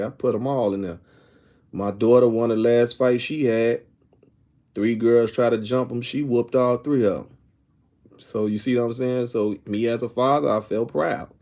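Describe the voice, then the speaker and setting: A middle-aged man holds forth to his viewers in loose, rambling talk. He circles back on himself and keeps checking that they follow him. His voice is mellow and warm, set at an average pitch for a man. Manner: rambling, repeats "you know what I'm saying"; reads viewer comments aloud. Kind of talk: casual opinion talk to viewers.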